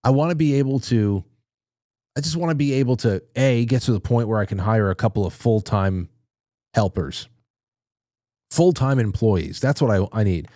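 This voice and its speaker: A man's voice: medium pitch, animated, moderate pace, dark tone, no room sound, clean studio sound. A man hosting a live show, chatting casually and candidly with his audience, rambling and swearing now and then. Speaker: podcast host. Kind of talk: casual livestream chat. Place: dim small studio room.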